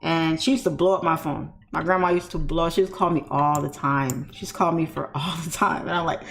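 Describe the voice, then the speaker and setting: A woman's voice: low voice, steady tone, fairly quick, vocal fry, hardly any pauses, slight background noise. A woman streamer in casual, heartfelt chat, talking candidly and rambling with lots of "you know" fillers. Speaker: trading streamer.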